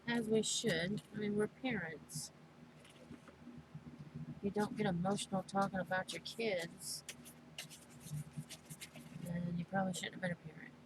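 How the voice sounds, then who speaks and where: A middle-aged mother chatting casually while crafting, slow and halting, speaking with emotion. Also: medium pitch, steady tone, background noise. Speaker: crafting vlogger.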